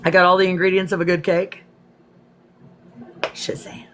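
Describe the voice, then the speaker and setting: A woman hosting a casual livestream, greeting commenters by name and swearing freely, her voice slightly hoarse. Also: fairly low pitch, flat delivery, quick pace, a little hiss or hum. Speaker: livestream host. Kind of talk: casual livestream chat and reading her own poems.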